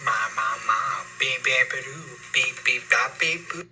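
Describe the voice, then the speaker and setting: Casting: a cheery cartoon skeleton, playful and sing-song, loud and bouncy, put on by a man in his own voice. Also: mid-range voice, unhurried, music in the background, close to an everyday voice, poor audio. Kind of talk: phone avatar voice demo.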